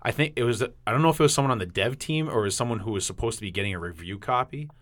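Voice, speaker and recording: A man's voice: mid-range voice, rapid-fire, fairly bright tone. A young man with a New England accent, co-hosting a podcast in casual chat and laughing often. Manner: chatty, laughs often, trails off and restarts. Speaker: podcast co-host.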